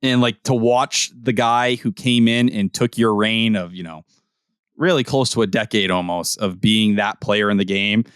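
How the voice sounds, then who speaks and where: A man co-hosting a podcast, talking sports in casual, profane, animated chat. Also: on the low side, smooth, no room sound, clean studio sound. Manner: animated, profane, rapid-fire opinions. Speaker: podcast co-host.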